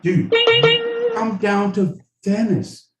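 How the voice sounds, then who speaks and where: Brief: man putting on a spaced-out surfer bro, rambling and high-pitched, roomy distant mic. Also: slow pace, mellow. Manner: rambling, spaced-out, stoner drawl with bro slang. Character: dazed surfer dude contestant from the west coast, young man. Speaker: podcast co-host.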